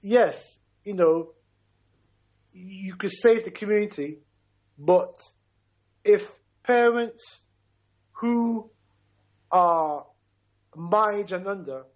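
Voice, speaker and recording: A man's voice: sits high, very slow, long pauses, dull audio. A man in his fifties from Ghana calling into a radio talk show, talking emphatically and passionately, often checking in with "right?". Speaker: caller.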